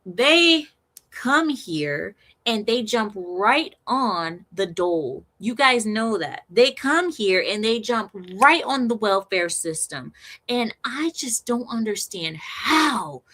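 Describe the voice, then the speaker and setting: A woman with a fairly high, sharply bright voice rants through a sarcastic commentary monologue. She is animated and keeps breaking into laughter between her lines. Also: slow. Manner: sarcastic, mocking. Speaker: vlogger.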